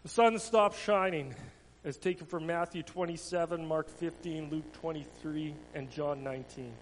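A man reading a children's Bible story aloud to a congregation with dramatic, expressive delivery. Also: fairly high pitch, moderate pace. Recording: long hall reverb, faint hum.

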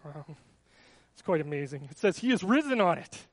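A man with a fairly high voice speaks as a pastor, chatty and relaxed, often restarting his sentences. The sound is dry and close, with little room in it. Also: moderate pace, dry recording. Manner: casual and chatty, with many restarts. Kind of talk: church service announcements and baby dedication.

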